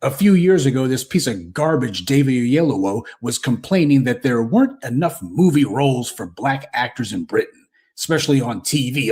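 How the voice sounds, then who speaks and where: A man's voice: mid-range voice, lively intonation, moderate pace, a little mellow, breathy edge. A man with a Southern American accent, hosting a commentary show and delivering an indignant, scornful monologue. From United States.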